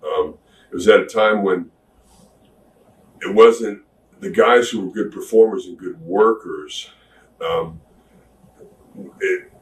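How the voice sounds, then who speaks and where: A man's voice: deep voice, slow pace, pauses often. A man being interviewed about his past career, telling rambling stories in a laid-back way with self-deprecating humor. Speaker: interview guest, former wrestler. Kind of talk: casual storytelling interview. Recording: echoey room, distant mic, faint hiss.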